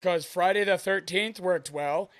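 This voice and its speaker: A man co-hosting a casual gaming podcast, chatting and telling anecdotes in a relaxed way. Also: sits high, a little slow, no room sound, clean studio sound. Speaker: podcast co-host.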